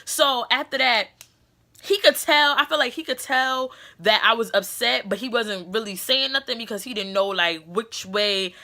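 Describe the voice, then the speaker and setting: Bright-voiced woman telling a profane story. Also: fairly high pitch, normal speed. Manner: blunt, profane and animated, acting out quotes. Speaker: beauty vlogger. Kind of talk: casual storytime vlog.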